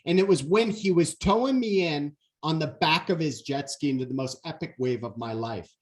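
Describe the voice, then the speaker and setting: A man in his forties giving a motivational keynote talk, telling stories in an animated way and acting out the quotes. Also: a little high, normal speed. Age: 40s. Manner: animated storyteller, acts out quotes. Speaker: keynote speaker.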